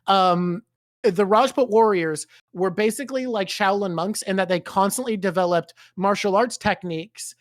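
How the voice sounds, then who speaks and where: A man's voice: sits high, moderate pace, dry recording, clean studio sound. A man co-hosting a book club stream, rambling casually and swearing freely. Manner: rambling, swears freely, does silly voices. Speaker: streamer co-host. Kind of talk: casual chat.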